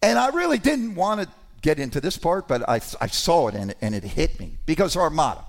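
A man preaching a sermon to his congregation, conversational and animated, with sudden emphatic rises. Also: on the high side, a little fast, creaky.

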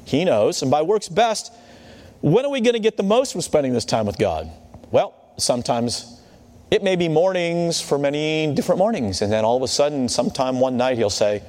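Male preacher, sermon, chatty, checks in often, slightly high voice, reverberant hall. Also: sing-song, moderate pace, a little mellow. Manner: conversational, checks in with "Okay?".

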